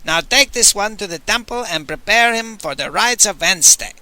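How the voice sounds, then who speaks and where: Man doing a roaring alien pontiff: high, bright, bellowing. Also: lively intonation, moderate pace, no echo, exaggerated voice. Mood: blustering. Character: blustering, short-tempered alien high priest.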